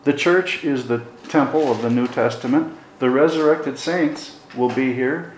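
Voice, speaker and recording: A man's voice: mid-range voice, unhurried, echoey room, slight background noise, low-quality recording. A middle-aged man preaching a sermon in a conversational Bible-teaching manner, with folksy asides.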